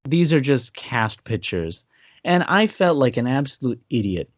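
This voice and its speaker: A man's voice: medium pitch, a little slow, no room sound, highs cut off. A man co-hosting a podcast, telling a story with laughs and acting out what people said. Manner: animated, laughing, acts out quotes. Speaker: podcast co-host. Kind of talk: casual storytelling chat.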